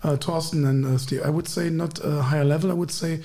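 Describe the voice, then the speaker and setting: Give me a podcast host with a gravelly, slightly high voice, speaking careful, halting English. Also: male voice, fairly even intonation, dark tone. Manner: halting English, short repeated phrases. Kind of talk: casual chat.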